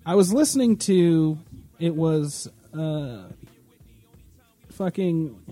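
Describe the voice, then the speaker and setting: A man's voice: fairly high pitch, lively intonation, slow, mellow, no echo, faint music behind. A man hosting a casual podcast, ranting and mocking with constant swearing and rambling asides. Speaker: podcast host. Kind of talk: casual profane rant.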